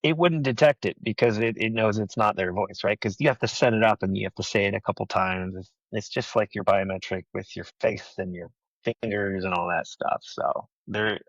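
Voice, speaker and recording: Podcast guest dude, lowish voice, explains stuff calmly, muffled lo-fi sound. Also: male voice, normal speed, no room sound. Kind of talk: casual chat. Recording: dull lo-fi call audio.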